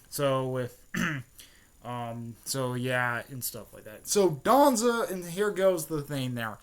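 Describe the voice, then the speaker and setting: A man casually retelling a fan-made story, rambling, with many fillers and frequent throat-clearing. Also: mid-range voice, slow pace.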